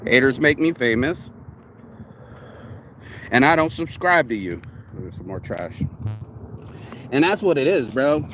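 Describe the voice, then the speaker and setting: A man's voice: medium pitch, animated, measured pace, pauses often, a bit bright, slight background noise. A man giving a casual, rambling motivational talk outdoors in a yard, swearing freely as he goes. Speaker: vlogger.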